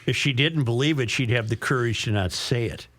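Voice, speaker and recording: A man's voice: mid-range voice, fairly quick, a bit bright. A man hosting a talk radio show, bluntly scornful in banter and reading a listener's letter aloud. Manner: blunt and scornful, reads aloud with shifting emphasis.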